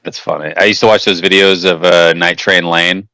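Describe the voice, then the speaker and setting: A man's voice: sits low, fairly even intonation, moderate pace, sharp tone, clear, resonant tone, dry recording. A young man co-hosting a podcast, telling stories in casual, profane chat and laughing often. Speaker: podcast co-host.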